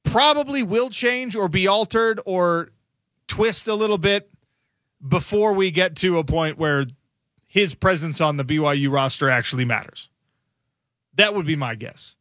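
Sports radio host, male, slightly higher pitched voice with bright, forceful tone, close dry studio mic, thinks out loud and chats casually. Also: unhurried, no room sound. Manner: musing, conversational, thinks aloud. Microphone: studio microphone.

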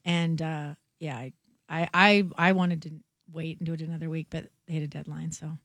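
A woman speaking through a cold, her voice hoarse and strained. She talks casually as a guest, stopping and restarting her thoughts. The sound is close and dry, with no room in it. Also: deep voice, steady tone, fairly bright tone, dry recording. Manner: halting, restarts often. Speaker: guest sports writer. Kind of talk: casual chat.

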